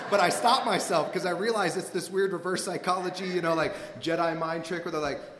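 A man's voice: high voice, fast, background noise. A man with a Southern Californian accent doing stand-up, telling a loose, rambling story and laughing at his own jokes. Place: stage before a live audience. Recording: echoey live room recording.

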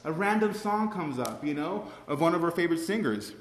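A man's voice: on the high side, animated, a little fast. A man speaks to a group in a large, echoey hall, his voice ringing off the walls under a faint murmur of room noise. He tells his story in a loose, rambling, heartfelt way, circling back with "you know" and "right" as he talks. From Cuban family. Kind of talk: personal testimony to a group.

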